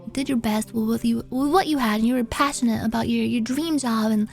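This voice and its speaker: A streamer casually chatting and reading viewer confessions. She is animated, breaks into squeaky outbursts and swears freely. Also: a little fast, vocal fry, soft background music.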